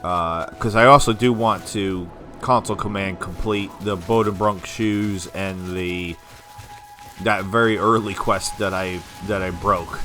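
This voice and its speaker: A man with a somewhat low voice rambles through casual let's-play commentary, talking to himself and laughing often. Faint game music plays underneath. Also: steady tone, measured pace, sharp tone. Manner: chatty, rambling self-talk with frequent laughs. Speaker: gameplay commentator.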